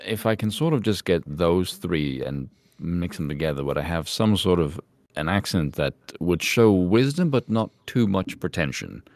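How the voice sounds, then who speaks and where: Give me a deep, calm-voiced man in his thirties. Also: moderate pace, hardly any pauses, dry recording. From Ireland. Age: 30s. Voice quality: deep, resonant. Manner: calm, wry, swears freely. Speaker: podcast co-host. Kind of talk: casual chat.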